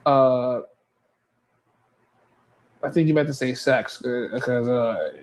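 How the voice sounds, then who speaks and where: A man's voice: medium pitch, slow pace, rough recording. A man reacting to a video clip with incredulous, mocking commentary, repeating his questions.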